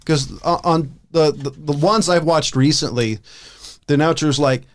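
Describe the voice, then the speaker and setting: A man's voice: on the high side, moderate pace. A man co-hosting a podcast in casual chat, rambling and stumbling over his sentence starts. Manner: rambling, repeats words when starting sentences. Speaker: podcast co-host.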